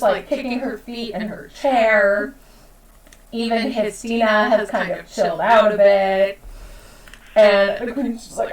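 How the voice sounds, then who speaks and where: A woman running a tabletop game as game master, narrating in a relaxed, offhand way, recorded in a roomy space away from the microphone. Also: medium pitch, distant mic.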